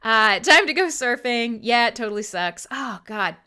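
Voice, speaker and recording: Bright, chatty Canadian woman host. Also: a little high, expressive, normal speed, smooth. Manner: chatty, irreverent, swears freely and laughs often. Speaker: radio show host. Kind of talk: casual live-stream chat with listeners.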